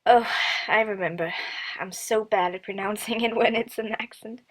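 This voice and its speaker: A woman's voice: on the high side, steady tone, a little slow, low-quality recording. A woman hosting a let's play from a computer mic at home, chatting casually, giggling and reading the game's text aloud. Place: house with family around. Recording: music playing behind.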